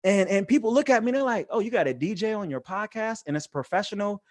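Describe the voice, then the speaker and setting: High-voiced energetic motivational speaker man. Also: fast, no room sound. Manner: energetic, joking, laughs often; conversational, street slang. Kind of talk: casual motivational talk to youth.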